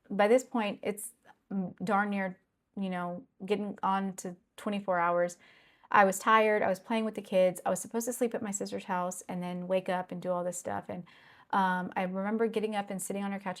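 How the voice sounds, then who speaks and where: A woman's voice: mid-range voice, fairly even intonation, a little fast. A middle-aged woman telling a personal story earnestly, repeating phrases and checking in with "okay?". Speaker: consultant sharing a personal story. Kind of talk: personal testimony.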